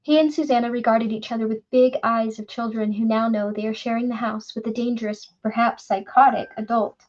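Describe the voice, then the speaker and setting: A woman's voice: a little high, steady tone, fairly quick, a little mellow. Woman narrating an audiobook, lo-fi. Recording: dull lo-fi recording.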